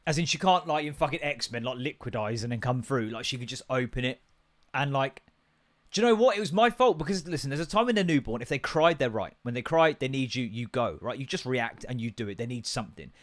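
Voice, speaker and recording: A man's voice: mid-range voice, animated, a little fast. A young English man hosting a podcast, ranting in a casual, sweary way that jumps from topic to topic. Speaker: podcast host.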